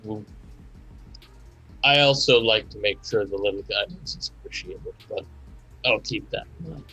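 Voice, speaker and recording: A man playing a character in a tabletop game, talking slowly and hesitantly. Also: on the low side, pushed and bright, slightly rough, soft background music, poor audio. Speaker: player. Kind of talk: casual tabletop play.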